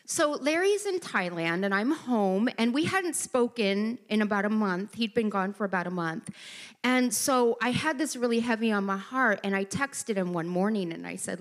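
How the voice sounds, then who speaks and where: Middle-aged woman, fairly high voice, lively storytelling testimony, acts out the quoted voices. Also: normal speed. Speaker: speaker at a church gathering. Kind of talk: personal testimony talk.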